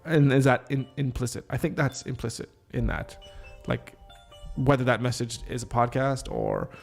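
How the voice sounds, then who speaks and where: A man with a gravelly edge to his voice rehearses a script alone, trying out each line and pausing to question and reword it. His pitch sits in an ordinary middle range. A little music plays faintly behind him. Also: big pitch swings. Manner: reads lines aloud, stops to rethink and reword. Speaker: podcast host. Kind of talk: casual solo script rehearsal.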